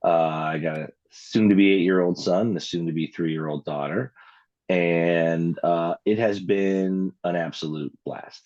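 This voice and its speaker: Deep-voiced man, muffled lo-fi sound. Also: unhurried, a little mellow. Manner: laid-back, wry, rambling. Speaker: podcast co-host. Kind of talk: casual podcast banter. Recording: muffled lo-fi recording.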